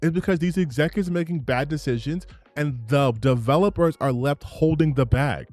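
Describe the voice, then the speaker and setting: A man's voice: a little high, no room sound. A man giving heated, profane reaction commentary on gaming news, ranting and repeating himself for emphasis.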